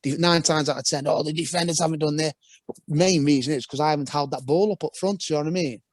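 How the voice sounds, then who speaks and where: A man's voice: a little high, steady tone, fast, dry recording. A young man, a former footballer, talking casually as a podcast guest in a rambling storytelling way with frequent restarts.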